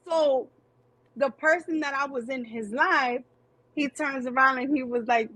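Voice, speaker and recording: A woman from New City, guest on a livestreamed interview, talking in an animated, slangy way. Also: high voice, moderate pace, dry recording, low-quality recording. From New York City. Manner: animated, slangy, repeats phrases. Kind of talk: casual interview chat. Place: home, livestream.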